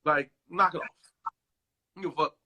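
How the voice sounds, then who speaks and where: A man guest in a casual interview, telling stories in a profane, animated way and acting out what others said, over a phone video call. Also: a little high, normal speed, dull audio. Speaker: actor guest.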